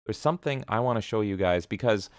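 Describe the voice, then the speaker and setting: A man's voice: fairly low pitch, lively intonation, quick pace, dry recording, studio quality. A man hosting a livestream, energetically reading viewer comments aloud and reacting with casual profanity. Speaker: livestream host.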